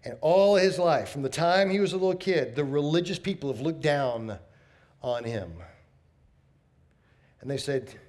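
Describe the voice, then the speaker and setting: A male pastor delivers a sermon from the pulpit. His voice sits fairly high for a man, and his style is folksy and emphatic. He keeps circling back to his key phrases, hammering each point through repetition. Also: expressive, measured pace, long pauses, a little mellow.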